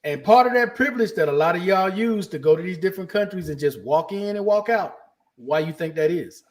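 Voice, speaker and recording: A man's voice: high-pitched, expressive. A man hosting a casual podcast, talking bluntly and saltily. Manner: blunt, salty, fast-talking. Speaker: podcast host.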